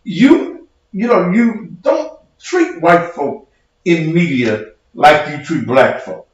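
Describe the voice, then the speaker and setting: A man's voice: fairly high pitch, wildly swooping pitch, slow pace, highs cut off. A man who preaches and hosts his own show, in a heated livestream rant, profane, combative and mocking. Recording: very echoey room.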